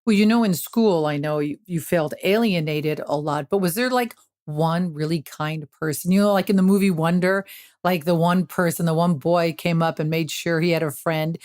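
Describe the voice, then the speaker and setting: A woman hosts a podcast interview with a voice a bit lower than most women's. She asks her questions in a friendly, chatty way and responds warmly to her guest's answers. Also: moderate pace. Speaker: podcast host.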